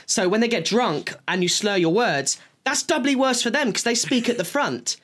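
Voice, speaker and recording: A man from England in casual chat, telling animated stories with a lot of swearing. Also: very high voice, moderate pace. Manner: animated storyteller, slips into accent impressions.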